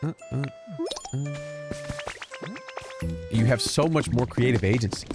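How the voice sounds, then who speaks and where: A man's voice: medium pitch, a little slow. A man streaming a video game, chatting casually, joking and swearing freely as he plays. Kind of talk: casual gameplay commentary. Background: game music.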